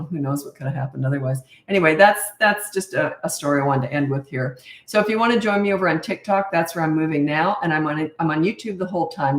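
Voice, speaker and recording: A woman in her fifties talks casually on a parenting live stream, her voice sitting fairly low. She rambles warmly through stories, restarts her sentences and pokes fun at herself. The sound carries a roomy echo. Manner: chatty, storytelling, self-mocking, restarts and trails off. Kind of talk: casual livestream talk.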